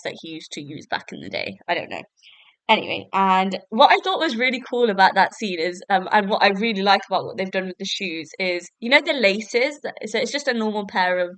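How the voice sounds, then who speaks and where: This podcast host chats through a review on her own in a rambling, casual way, peppering it with "so basically" and "like." She has a mid-range, fairly bright voice on a dry recording.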